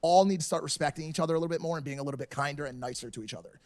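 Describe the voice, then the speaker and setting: A man's voice: on the high side, rapid-fire, no room sound. A man who is a guest on a podcast, talking earnestly and repeating words when he starts a sentence. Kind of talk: casual podcast chat.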